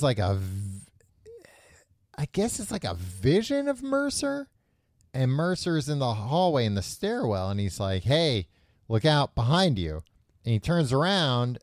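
A man's voice: mid-range voice, darkish tone, no echo, studio quality. A man hosting a podcast, casually retelling a book's plot with loose, offhand quoted voices. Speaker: podcast host. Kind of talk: casual book discussion.

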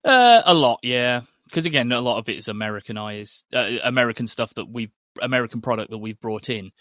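A middle-aged man co-hosting a casual chat, animated and quick to break into mimicry. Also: medium pitch, no room sound, clean studio sound. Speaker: podcast co-host.

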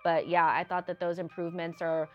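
A woman's voice: lowish voice, level tone, fairly quick, highs cut off, soft background music. A woman co-hosting a soccer podcast, talking casually with fillers and restarts. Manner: rambling, many fillers and restarts. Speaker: podcast co-host. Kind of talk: casual opinion chat.

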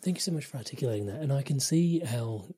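A male podcast host speaks in a mellow, slightly husky voice. His manner is appreciative and reflective. His pitch sits in the middle of the range. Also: expressive, fast talker. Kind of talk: podcast interview.

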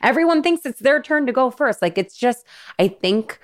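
A woman's voice: fairly high pitch, lively intonation, moderate pace. A woman in her thirties hosting a podcast, telling an emotional story in a casual, earnest way with lots of quoted dialogue. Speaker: podcast host.

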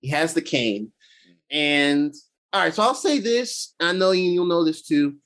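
A man with a slightly high voice talks through an episode in a relaxed, offhand way. He swears freely and keeps slipping into quick acted-out lines for the characters. His pitch jumps up when something excites him. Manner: loose and profane, acts out characters in quick paraphrase; animated pitch swings, excitable. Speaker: podcast co-host recapping episodes. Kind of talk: casual chat.

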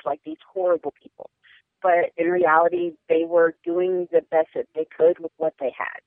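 A woman's voice: lowish voice, unhurried, creaky, long pauses, no echo. A woman in her twenties, a podcast guest telling her own story earnestly and frankly, with plenty of "like" and "um". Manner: earnest, frank, many fillers like "like" and "um". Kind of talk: personal storytelling interview. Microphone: phone or call line. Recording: tinny phone line.

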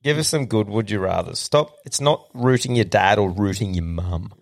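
Crude, laughing Australian podcast host. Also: male voice, fairly low pitch, moderate pace, creaky. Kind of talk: casual podcast chat.

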